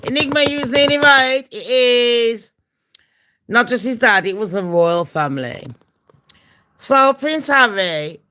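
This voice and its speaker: Slow-talking brummie woman on a stream, swears a lot, sharp bright voice. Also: medium pitch. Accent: Birmingham. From England. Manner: blunt, foul-mouthed, gossipy; slips into mock voices and accents. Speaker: channel host. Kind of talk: casual live-stream chat.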